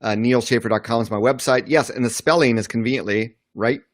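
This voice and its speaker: A middle-aged man, a marketing author, speaking as a guest in a casual video-call interview, confident and relaxed. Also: medium pitch, a little fast, no room sound, clean studio sound. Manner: confident, relaxed, uses "you know". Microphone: video call setup.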